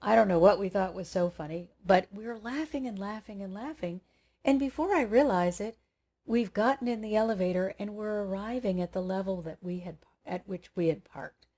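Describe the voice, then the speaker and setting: A woman host telling a personal anecdote straight to her viewers, lively and expressive. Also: medium pitch, normal speed. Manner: animated storyteller, acts out dialogue. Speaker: spiritual coach and channel host. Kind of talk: personal anecdote told to camera.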